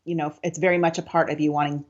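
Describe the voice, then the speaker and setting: A woman's voice: deep voice, flat delivery, quick pace. A woman co-hosting a casual video-call chat, playful and teasing with easy laughs. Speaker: co-host. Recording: dull video-call audio.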